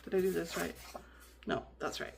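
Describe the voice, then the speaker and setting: A woman's voice: fairly low pitch, fairly even intonation, normal speed, gravelly, a little hiss or hum. A woman vlogger chatting in a rambling way with lots of fillers and restarts while she decorates her planner. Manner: rambling, many fillers and restarts, laughs often.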